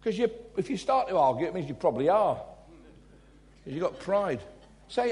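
Animated preacher, higher voice. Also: male voice, moderate pace, pauses often. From England. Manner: animated storytelling, swings between loud emphasis and quiet asides. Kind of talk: sermon with personal stories.

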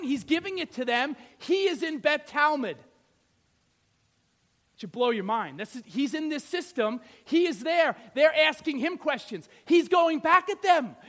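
A man in his thirties preaching a sermon, swinging between loud emphatic lines and hushed asides, often asking the audience questions. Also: extremely high pitch.

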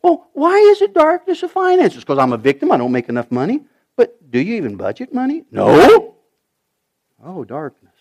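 Male pastor, high voice, very lively delivery, preaches with big swings from shouts to hushed asides. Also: normal speed. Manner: animated preaching, rising to shouts, dropping to near whispers. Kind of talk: sermon.

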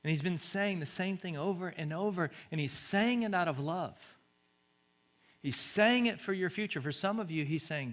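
A man preaching a sermon, swinging from loud exhortation to hushed, near-whispered lines and repeating short urgent phrases. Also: fairly high pitch, animated, moderate pace. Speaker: pastor.

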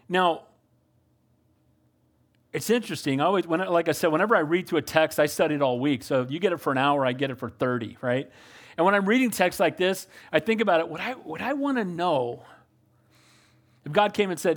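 A man's voice: on the high side, lively intonation, fairly quick. An older man preaching a sermon as pastor, earnest and calling out to the congregation for amens.

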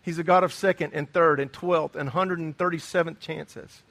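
Earnest preaching man, higher voice. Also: steady tone, normal speed, vocal fry, a bit bright. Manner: earnest, emphatic preaching with repeated phrases. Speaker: pastor. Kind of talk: sermon.

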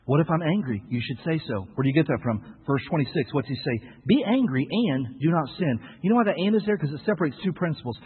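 A male pastor preaching a sermon, with emphatic swings between loud outbursts and quiet asides, rhetorical questions and playful humor. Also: on the high side, expressive, racing, hardly any pauses, slightly rough. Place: church sanctuary. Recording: echoey hall on a tinny lo-fi recording.

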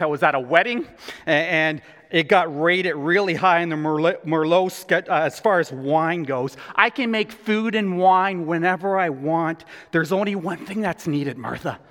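A man gives voice to a calm, patient teacher who speaks softly. His tone is gentle and reassuring. A long echo hangs in the hall around him. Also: high voice.

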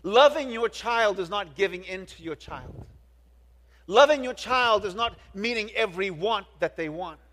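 A middle-aged pastor preaches a sermon earnestly, often restarting words and putting questions to the congregation. His voice is high-pitched and a bit bright, and a large hall adds long reverb.

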